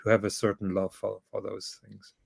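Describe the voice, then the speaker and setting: A man's voice: lowish voice, completely flat delivery, normal speed, vocal fry, darkish tone, husky, no echo, clean studio sound. A man co-hosting a casual watch live stream, talking thoughtfully with fillers and restarts. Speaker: watch show co-host.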